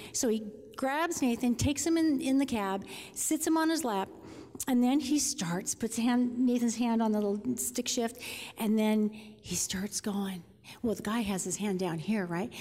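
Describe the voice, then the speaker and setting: A woman's voice: fairly high pitch, warm tone. A woman giving an informal devotional talk to a room of listeners, telling a story in a chatty way with frequent restarts. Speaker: speaker. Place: large room before an audience. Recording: long reverb of a large hall.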